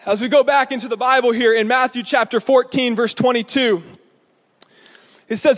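Animated high-voiced male preacher. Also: normal speed, long reverb tail. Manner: animated storytelling, acts out voices. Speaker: pastor. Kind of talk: sermon.

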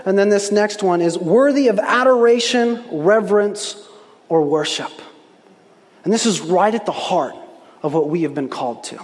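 In a hall full of echo, a high-voiced male pastor preaches a sermon. His style is animated storytelling, complete with performed voices for the people he quotes.

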